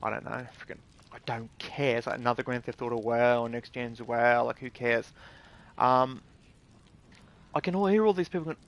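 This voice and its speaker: A man's voice: mid-range voice, moderate pace. A man with an Australian accent giving a casual, indignant gaming rant in blunt words with swearing. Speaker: gaming video creator. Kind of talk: casual ranting commentary.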